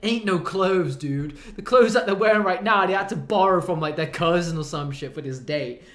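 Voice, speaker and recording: A man's voice: sits high, normal speed, fairly bright tone, roomy sound. A man streaming, telling a crude comedic story in a profane, rambling way, laughing often.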